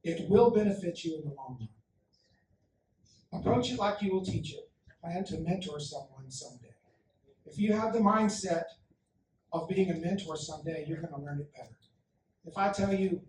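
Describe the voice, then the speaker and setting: A man speaking as a conference keynote speaker, telling stories with lively, acted-out quotes. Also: fairly high pitch, moderate pace, pauses often, slight background noise. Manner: animated storyteller, acts out quotes. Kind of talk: motivational keynote talk. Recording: echoey hall, mic from a distance.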